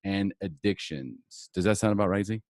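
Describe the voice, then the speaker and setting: A man's voice: low-pitched, moderate pace, darkish tone, dry recording, clean studio sound. A man hosting a podcast who talks in a joking, meandering way, full of asides and restarts. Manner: jokey and meandering, with many fillers and restarts. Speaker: podcast host. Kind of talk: casual podcast interview.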